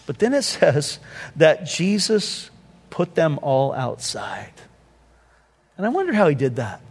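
A man with a high, light voice preaches a sermon, dropping to hushed, soft lines and then breaking into quick, conversational asides. His voice carries a long reverb from a large church hall. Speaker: pastor. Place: church sanctuary.

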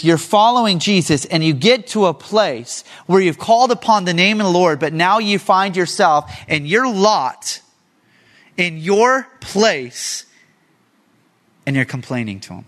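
Animated male pastor preaching. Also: sits high, measured pace. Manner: conversational preaching with rhetorical questions. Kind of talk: sermon.

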